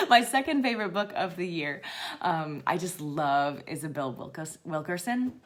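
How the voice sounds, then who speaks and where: A woman hosting a live Q&A, chatting enthusiastically, laughing often and sometimes dropping to a soft whisper. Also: low voice. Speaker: seed company host. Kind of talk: live Q&A chat.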